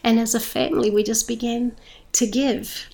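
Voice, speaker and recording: A middle-aged Australian woman talks about her church's food charity with bright enthusiasm, leaning hard on her words. Her voice sits a little high and carries a gravelly fry. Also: little pitch movement, normal speed. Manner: enthusiastic, emphatic storyteller. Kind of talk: interview testimony.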